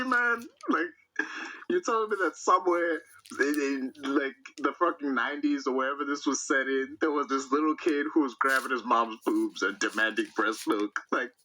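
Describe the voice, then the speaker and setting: A young man chatting as a podcast guest, telling a story in an animated, profane, laughing way. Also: fairly high pitch, slight background noise, poor audio. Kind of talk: casual chat.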